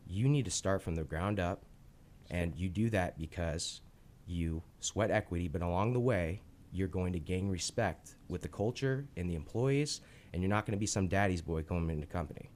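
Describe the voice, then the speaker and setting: Low-voiced guy in his thirties, animated storyteller, podcast chat. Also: moderate pace, a little hiss or hum. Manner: animated storyteller, acts out quotes. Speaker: co-host and business founder. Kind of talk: casual storytelling interview.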